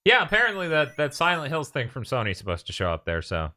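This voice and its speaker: Game music plays beneath a man's chatter as he co-hosts a laid-back gaming stream, joking, laughing a lot and reading chat aloud mid-play. He's a fast talker at medium pitch, with huge pitch swings and a sharp tone.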